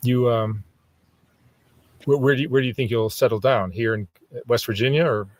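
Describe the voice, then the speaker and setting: A man interviewing someone, asking calm questions with frequent restarts. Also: medium pitch, normal speed, dry recording. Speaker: documentary interviewer.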